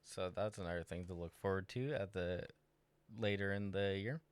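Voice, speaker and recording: A man's voice: low-pitched, normal speed, clean tone, dry recording. A man telling joking stories in casual podcast chat, laughing often.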